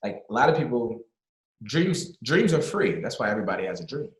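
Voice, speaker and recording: Fast-talking, emphatic man as a guest. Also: medium pitch, reverberant, poor audio. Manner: animated, emphatic, motivational, repeats words for stress. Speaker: podcast guest. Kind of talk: casual video-call conversation.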